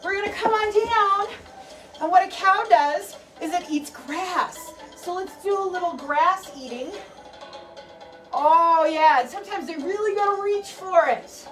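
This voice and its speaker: A young woman with a high voice leads a playful animal workout, chatty and encouraging. She sounds a little distant from the microphone. Faint music plays underneath. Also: unhurried, fairly bright tone. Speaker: fitness instructor. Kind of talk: leading a kids' animal workout.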